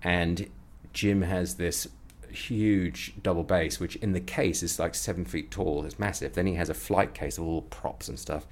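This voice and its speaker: Very low male voice, anecdotal storytelling, animated. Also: a little slow, hardly any pauses. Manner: animated storyteller, acting out voices with rising pitch. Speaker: comedy performer and guest.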